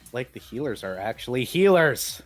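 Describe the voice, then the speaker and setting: Animated game master with lively voice. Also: male voice, mid-range voice, moderate pace, soft background music. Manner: animated, jumps into shouted character voices. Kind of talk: narrating a tabletop game. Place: home streaming setup.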